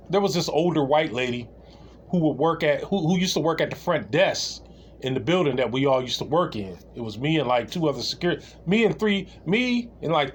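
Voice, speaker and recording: A man's voice: fairly high pitch, slight background noise. A man telling a comedic anecdote in a casual, rambling way, with many restarts and laughs. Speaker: storyteller.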